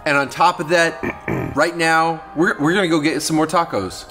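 A man co-hosting a podcast, talking in casual banter, excitable and pushy, swearing often. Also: on the high side, normal speed, faint music behind. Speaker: podcast co-host.

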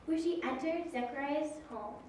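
A woman giving an enacted scripture reading in worship, with a measured, proclaiming delivery. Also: sits high. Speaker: scripture reader. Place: large worship hall. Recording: echoey hall from far off, faint noise.

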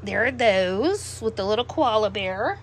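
A middle-aged woman with heavy breathing after a meal, chatting in an unhurried, musing way as she shows off a clothing haul at home. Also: medium pitch, animated, a little hiss or hum. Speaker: doll collector showing a clothing haul. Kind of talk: casual show-and-tell vlog.

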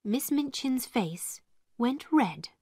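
Slow, clear woman storyteller. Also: high-pitched, dry recording, studio quality. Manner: slow, clear, expressive reading. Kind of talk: scripted narration for English learners.

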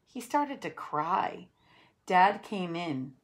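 A woman reading a children's picture book aloud, telling the story in an expressive storytelling way. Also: sits low. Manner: expressive, unhurried storytelling with voiced characters. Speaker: storybook reader.

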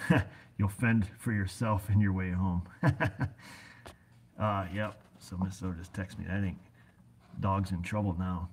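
A man's voice: low voice, background noise. A middle-aged American man who runs an auto repair shop, chatting casually in a folksy, rambling way full of fillers. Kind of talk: casual rambling vlog chat.

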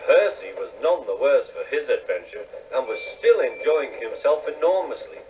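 A man reading a storybook aloud in a lively, expressive way. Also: mid-range voice, normal speed, a little hiss or hum. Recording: distant dull recording with faint music.

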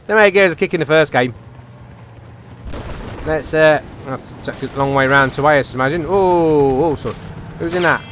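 A young man giving excitable, chatty commentary over his own game, talking to himself and his teammates. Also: fairly high pitch, normal speed, pauses often. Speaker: gaming channel host. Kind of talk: live gameplay commentary.

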